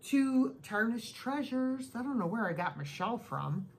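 A woman's voice: a little high, sing-song, moderate pace, a little hiss or hum, low-quality recording. A woman chatting at home in a casual haul video, gushing over each thing she unpacks. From United States. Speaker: thrift vlogger.

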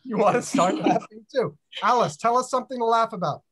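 A woman's voice: on the high side, brisk, husky. A woman leading a laughter yoga group on a video call, coaxing people and laughing through her words.

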